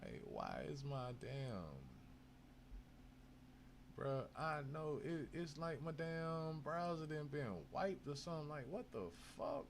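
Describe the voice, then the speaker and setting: A man's voice: on the high side, animated, slow pace, creaky, background noise. A man hosting a casual webcast, talking in a laid-back, slangy and heavily profane way that rambles with fillers. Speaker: host. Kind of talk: casual crypto webcast talk.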